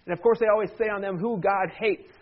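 A man's voice: sits high, steady tone, quick pace, phone-quality sound. A man preaching a sermon as pastor in a church, conversational with joking asides.

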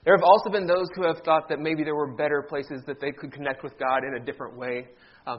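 A man in his thirties from Ohio, a pastor preaching to his church, telling a joke story and then speaking warmly about his years there. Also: fairly high pitch, dull audio. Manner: jokey storyteller turning heartfelt. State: briefly emotional. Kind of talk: sermon with a joke opening. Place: church sanctuary.

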